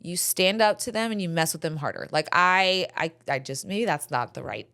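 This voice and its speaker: A middle-aged woman hosting a podcast, telling stories in casual chat, animated and frank, swearing freely. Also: lowish voice, normal speed. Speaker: podcast host.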